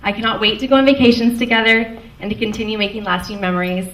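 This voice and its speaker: A woman's voice: medium pitch, fairly even intonation, fast, a bit bright. Young woman giving a wedding toast from far off. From Canada. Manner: fond, light, chuckling between lines. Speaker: maid of honor. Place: wedding reception hall. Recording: echoey hall from far off, faint noise.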